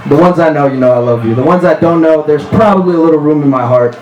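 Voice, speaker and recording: Brief: male stand-up comic, slightly high voice, crude laughing delivery, echoey live room. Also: quick pace, dull audio, noisy background. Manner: crude, animated storytelling with laughing asides. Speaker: stand-up comedian. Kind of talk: stand-up comedy set. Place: live comedy venue with audience. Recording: roomy live club recording with crowd.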